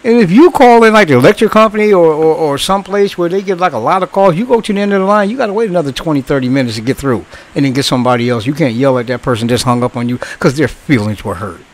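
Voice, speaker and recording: A man's voice: a little high, fast, hardly any pauses, rough recording. A man in his sixties who once worked in customer service, bluntly lecturing in a casual monologue, swearing and repeating himself. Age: 60s.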